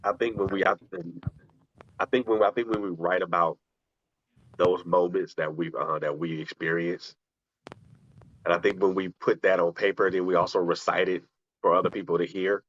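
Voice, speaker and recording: A man's voice: low-pitched, steady tone, normal speed, pauses often, fairly bright tone, muffled recording. A man hosting a radio talk show, speaking earnestly and often restarting his phrases as he reflects. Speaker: radio show host and poet. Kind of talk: conversational talk, then spoken-word poetry.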